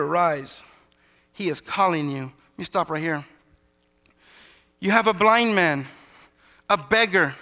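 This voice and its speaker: A man's voice: sits high, sharp tone, big-room sound. A man preaching a sermon as pastor, emphatic, calling out questions to the congregation.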